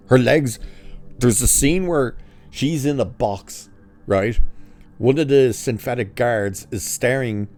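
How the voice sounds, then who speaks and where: A man's voice: on the low side, darkish tone. A man casually recapping a film's plot as a reviewer, sarcastic, swearing, and mocking scenes with exaggerated quoted lines. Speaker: movie reviewer.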